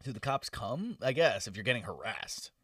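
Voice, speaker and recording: Joking young man with a lively voice. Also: mid-range voice, normal speed, no echo, clean studio sound, distant mic. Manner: joking, teasing interjections. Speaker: podcast co-host. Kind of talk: casual chat.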